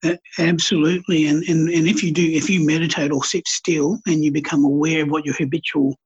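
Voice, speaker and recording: A man with a very husky, breathy voice that sits a little high. He talks about spirituality and tells stories with passionate, preacher-like conviction. The recording sounds dull and lo-fi. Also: little pitch movement, fairly quick. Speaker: podcast guest, artist and healer. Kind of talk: casual spiritual conversation.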